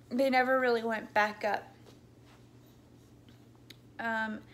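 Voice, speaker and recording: A young woman with a fairly high, slightly bright voice tells her birth story casually and ramblingly. She fills it with ums and likes, backtracks often, and is at times tearful, her voice breaking.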